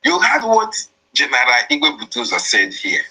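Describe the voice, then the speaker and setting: A man's voice: medium pitch, huge pitch swings, normal speed, sharp tone, husky, low-quality recording. A man, explaining and interpreting a played voice message in a repetitive, emphatic way. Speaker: commentator.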